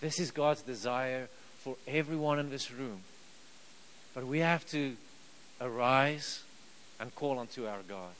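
This preacher has a medium-pitched, fairly bright voice and takes his time, though the audio is poor. Speaking conversationally, he tosses rhetorical questions at the crowd and chuckles through his storytelling.

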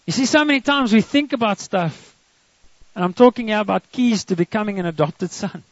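A man's voice: high voice, lively intonation, brisk, dry recording. A man preaching a sermon, retelling a story and acting out the quoted lines in dramatic voices. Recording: dry, dull lo-fi sound.

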